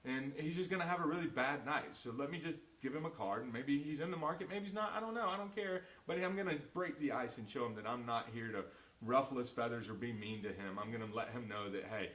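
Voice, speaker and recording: A chatty Southern man tells a story at a brisk clip, his voice animated and talkative. He sounds like a real estate agent co-hosting a relaxed video chat. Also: medium pitch, echoey room. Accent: Southern American.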